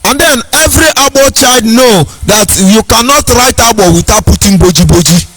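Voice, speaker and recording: A man's voice: extremely high pitch, moderate pace, fairly bright tone, no echo, soft background music, low-quality recording. A Nigerian man giving an impassioned speech, stressing his points by repeating questions and phrases. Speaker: speaker.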